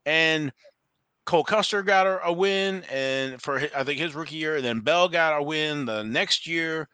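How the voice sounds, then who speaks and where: A man chatting casually as a podcast co-host, his voice bright and smooth. He rambles and corrects himself mid-sentence. The sound is close and dry. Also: on the high side, normal speed, no room sound. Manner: rambling, self-correcting, laughs easily. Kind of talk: casual chat about racing and trading cards.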